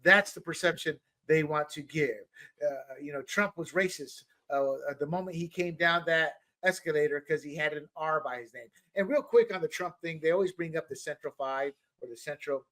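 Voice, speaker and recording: A middle-aged man co-hosting a political talk show, animated and often repeating words as he builds a point. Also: a little high, normal speed. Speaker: podcast co-host. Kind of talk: political commentary chat.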